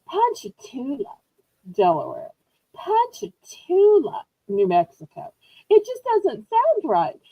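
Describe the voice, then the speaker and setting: A woman hosting a live online auction from home, chatty and rambling, teasing herself as she pitches items. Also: huge pitch swings, measured pace, vocal fry, breathy edge, dry recording, lo-fi sound. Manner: bubbly, rambling, self-teasing. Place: indoors at home.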